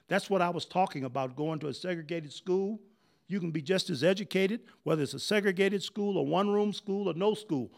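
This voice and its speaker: Lively older man telling history. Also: sits high. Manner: animated, conversational, asks the audience questions. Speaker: history speaker. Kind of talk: digressive storytelling history talk.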